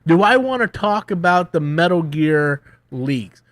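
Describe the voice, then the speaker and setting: A man hosting a casual livestream, rambling loosely with lots of swearing and self-mockery, swinging between loud bursts and mumbled asides. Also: on the high side, animated, a little slow, no echo. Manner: loose, profane, self-mocking, riffs and hums to himself. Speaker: YouTube host answering viewer questions.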